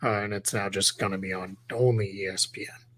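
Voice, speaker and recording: A man's voice: lowish voice, steady tone, a little fast, fairly bright tone, breathy edge. A man hosting a casual live stream, talking in a rambling way with many fillers and restarts. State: has the hiccups. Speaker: podcast host.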